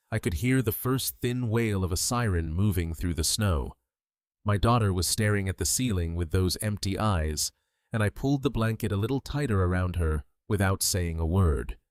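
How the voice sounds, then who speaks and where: Low, steady older male narrator. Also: dry recording, studio quality. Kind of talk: scripted first-person narration.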